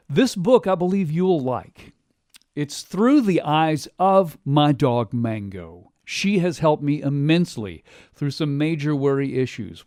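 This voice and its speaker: A man hosting a radio talk show, delivering an animated monologue and acting out quotes in other voices. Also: on the high side, no room sound, studio quality. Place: radio studio.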